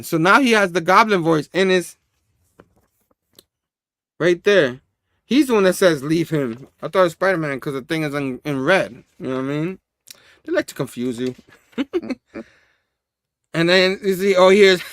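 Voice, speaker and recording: Give me a man chatting through a comic recap with lots of chuckles, a bit high-pitched. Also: moderate pace, pauses often, fairly bright tone, no room sound, studio quality. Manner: chuckling, rambling, says "you know what I mean". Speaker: host. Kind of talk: casual comic book review.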